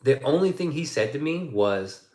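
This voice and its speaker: A man's voice: mid-range voice, expressive, moderate pace, darkish tone, echoey room. A man chatting casually on his livestream, swearing a lot and rambling through stories. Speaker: streamer.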